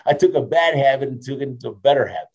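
A man in his fifties, a motivational speaker telling stories as an interview guest, lively, laughing often and ending lines with a quick "right?". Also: mid-range voice. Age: 50s. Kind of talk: storytelling in a casual interview.

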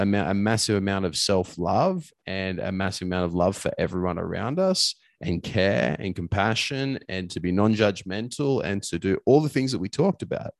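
A man's voice: low-pitched, no echo. A man, a coach and podcast guest, talking earnestly and emphatically in casual conversation, swearing now and then.

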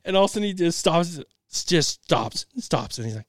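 A young man co-hosting a podcast, telling a family story in an animated way and laughing often. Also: fairly high pitch, brisk, hardly any pauses, dry recording, clean studio sound. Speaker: podcast co-host. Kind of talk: casual storytelling chat.

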